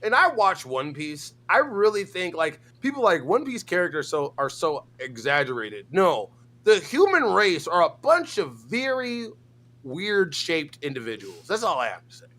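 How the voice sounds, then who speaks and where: A man co-hosting a reaction stream, talking in an animated, profane, ranting way. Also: fairly high pitch, normal speed. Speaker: stream co-host. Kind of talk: casual reaction-stream chat.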